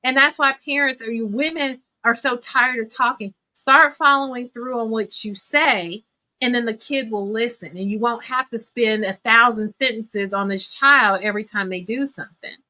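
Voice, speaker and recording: A woman's voice: fairly high pitch, moderate pace, pushed and bright. A woman in her fifties, a therapist speaking bluntly and emphatically in a podcast discussion, hammering her points home. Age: 50s.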